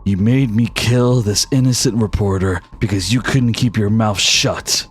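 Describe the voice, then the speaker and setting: A man's voice: fairly low pitch, measured pace, husky, faint music behind. Man doing a cold villainous general. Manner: cold, scolding. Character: cruel menacing male general, villain.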